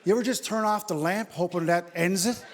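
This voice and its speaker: A man from Newfoundland, Canada, doing animated stand-up comedy on a theater stage and talking straight to the crowd through a handheld mic. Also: sits high, brisk. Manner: animated storytelling, addressing the crowd. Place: theater stage before a live audience. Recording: theater reverb, audience noise.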